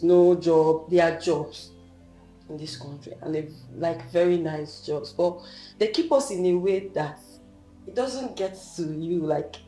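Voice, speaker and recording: A woman in a casual group discussion, speaking haltingly with many fillers. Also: lowish voice, mellow, roomy sound, poor audio. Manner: halting, filler-heavy talk.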